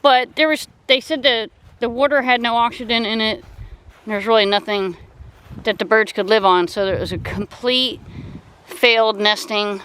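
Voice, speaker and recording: A nature vlogger strolls by a wildlife refuge pond, narrating casually into a handheld camera, breathless, chatty, rambling and fixing her words as she goes. Her slightly high voice is a bit bright, and the poor audio carries some hiss or hum.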